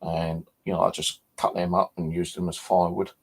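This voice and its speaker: A man's voice: low voice, little pitch movement, fairly quick, vocal fry, husky. A man hosting a paranormal channel, chatting casually on a livestream, rambling with lots of fillers and casual swearing.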